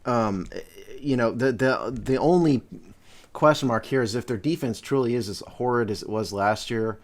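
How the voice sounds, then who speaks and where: A man's voice: mid-range voice, moderate pace. A man co-hosting a casual sports podcast, talking hesitantly with many fillers and restarts. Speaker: podcast co-host.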